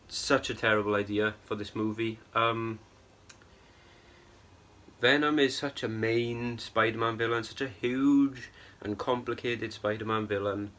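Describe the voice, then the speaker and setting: A man's voice: lowish voice, fairly even intonation, a little slow, a bit bright. Young man ranting about a film. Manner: exasperated, rambling, keeps tagging "right?" and "bro". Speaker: film reviewer. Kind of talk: ranting film review vlog.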